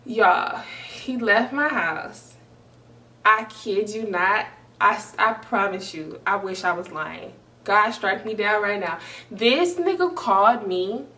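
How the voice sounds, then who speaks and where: A young woman vlogger telling a story in an animated, emphatic, profane way. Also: medium pitch, slow pace, far from the mic. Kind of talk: storytime vlog.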